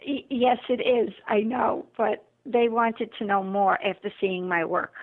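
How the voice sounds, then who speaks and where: Woman telling her story on an interview, lively, acts out the dialogue, sounds like a phone line. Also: a little high, unhurried. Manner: animated, acts out quoted dialogue. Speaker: guest author and motivational speaker.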